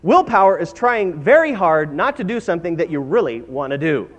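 A man's voice: a little high, sing-song, brisk, long reverb tail. A man voicing an earnest male frog while reading a children's storybook aloud in a sermon. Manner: plain read-aloud storybook voice.

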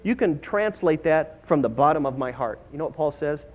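A male pastor delivers an earnest sermon that builds to emphatic exhortation. His voice sits high for a man. It rings through a large church hall with a long, trailing reverb. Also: expressive, moderate pace, dull audio.

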